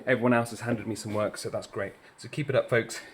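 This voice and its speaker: A man's voice: fairly low pitch, fairly even intonation, quick pace, background noise. A man, a primary school teacher, giving encouraging instructions for a remote lesson while walking around a school, a little out of breath. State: slightly out of breath. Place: indoors in a school, walking between rooms.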